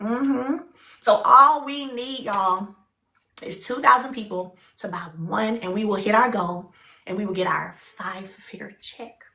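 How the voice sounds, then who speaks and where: A woman's voice: mid-range voice, unhurried, creaky, sharp tone, roomy sound. Chatty woman selling on a live stream. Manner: chatty and upbeat, urging viewers to buy. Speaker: live shopping host. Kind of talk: live-stream sales pitch. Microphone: phone.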